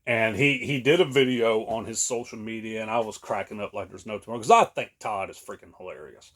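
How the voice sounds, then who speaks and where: A man's voice: fairly low pitch, fairly even intonation, fairly quick, fairly bright tone. A man, co-hosting a podcast in casual chat, rambling with many fillers and laughing often. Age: late 30s. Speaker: podcast co-host.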